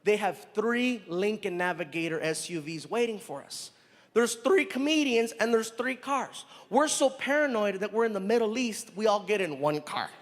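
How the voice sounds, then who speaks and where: A male stand-up comedian, animated and acting out the people in his story as he talks to a live crowd. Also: high-pitched, moderate pace. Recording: live venue with long reverb, faint ambience.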